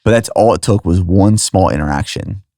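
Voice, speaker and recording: A man's voice: low-pitched, moderate pace, mellow, dry recording, studio quality. A man hosting a podcast who asks short questions and reflects on shared memories. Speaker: podcast host. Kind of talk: casual conversation.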